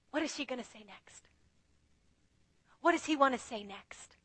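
Woman preacher, high bright voice, dry close sound, earnest and chatty. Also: animated, moderate pace, long pauses, breathy edge, dry recording. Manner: earnest, conversational, acts out prayers to God. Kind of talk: sermon.

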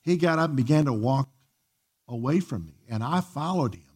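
A man's voice: expressive, moderate pace, a little mellow, slightly rough. Earnest man preaching a sermon. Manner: earnest, emphatic preaching with sudden rises in pitch. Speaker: pastor. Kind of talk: sermon with personal story.

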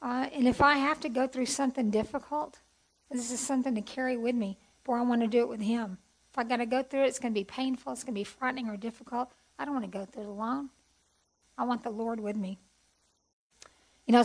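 A middle-aged woman telling her personal testimony in an earnest, heartfelt way, with soft hesitations. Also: fairly high pitch, steady tone, a little fast, rough recording. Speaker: speaker sharing testimony.

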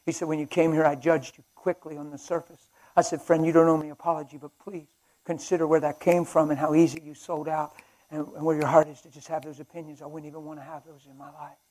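Passionate male preacher, fairly high voice. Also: little pitch movement, fast, rough recording. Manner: passionate, swings from loud to hushed. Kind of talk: sermon with storytelling. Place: conference hall.

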